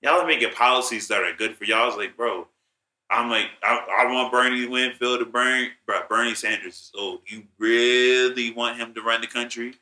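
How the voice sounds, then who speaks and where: A man's voice: medium pitch, normal speed, sharp tone. A young man co-hosting a casual chat, ranting in profane, slangy speech. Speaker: co-host.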